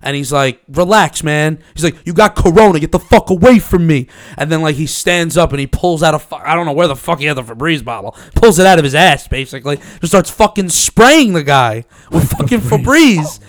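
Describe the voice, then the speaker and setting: A man's voice: fairly high pitch, expressive, brisk, hardly any pauses, fairly bright tone. A man chatting casually as a podcast co-host, swearing freely and laughing as he tells stories. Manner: profane, laughing, storytelling. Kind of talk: casual chat.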